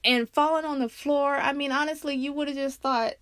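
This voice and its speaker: A woman hosting her own podcast, talking casually and candidly, laughing often and swearing freely as she tells stories with big jumps in pitch. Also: steady tone, brisk, fairly bright tone, no room sound. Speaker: podcast host. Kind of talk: casual personal monologue.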